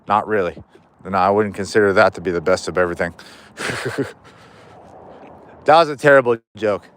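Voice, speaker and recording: On his walk home outdoors, a man keeps up a rambling, casual livestream chat full of jokes and free swearing. His voice is lowish, fairly bright and at a normal speed, picked up by a chest-mounted POV camera.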